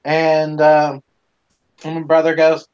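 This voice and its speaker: A man's voice: a little high, monotone, slow pace, darkish tone, smooth. A man hosting a live stream, casually telling a rambling, profane story with plenty of swearing, on a dull lo-fi recording.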